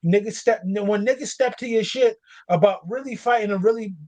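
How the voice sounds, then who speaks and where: A man's voice: high voice, fairly quick, warm tone, no echo. A man co-hosting a casual boxing talk show, heated and profane, with heavy street slang. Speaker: podcast co-host.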